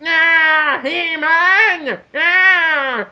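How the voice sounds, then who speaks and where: A man's voice: extremely high pitch, extremely slow, highs cut off, voice pushed up, heavily acted. A man voicing a cackling skull-faced male cartoon villain, shrieking and exaggerated.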